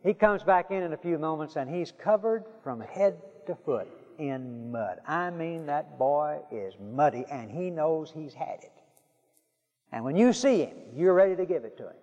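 A man preaching a sermon, telling stories with dramatic pauses and dropping to a hush for emphasis. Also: fairly high pitch, animated. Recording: dull sound with long hall reverb.

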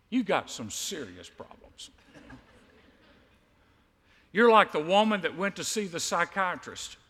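Guy preaching, high bright voice, swings all over, echoey church hall. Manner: animated storytelling, acting out quotes. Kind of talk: sermon.

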